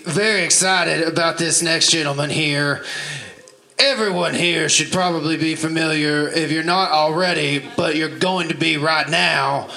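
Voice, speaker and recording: A male emcee with a gravelly, bright edge to his voice, introducing acts in a loose, rambling way. He speaks a bit high for a man. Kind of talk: live comedy emcee patter.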